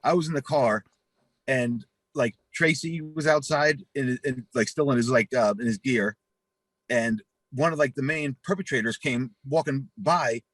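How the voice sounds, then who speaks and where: A husky-voiced man spins a rowdy, profane story in an interview, acting out everyone's lines as he goes. His voice sounds dry and close. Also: medium pitch, measured pace, fairly bright tone, dry recording. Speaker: interview guest.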